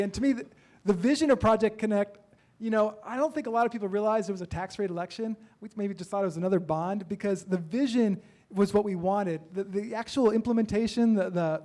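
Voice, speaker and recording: A man's voice: sits high, a little mellow. A man, a council candidate, answering eagerly at a forum, often stumbling and restarting his sentences.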